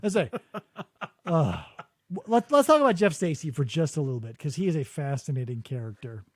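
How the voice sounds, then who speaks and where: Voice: mid-range voice, sing-song, a little fast, dry recording. A podcast host riffing sarcastically in casual comedic chat, breaking into impressions, on a studio microphone.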